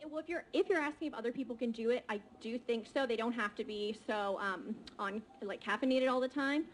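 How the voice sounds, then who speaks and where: A woman's voice: fairly high pitch, fairly quick, slight background noise, poor audio. A woman from Maryland, a real estate agent, talking in a chatty, free-flowing way with many fillers. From Maryland, USA. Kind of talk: casual panel talk.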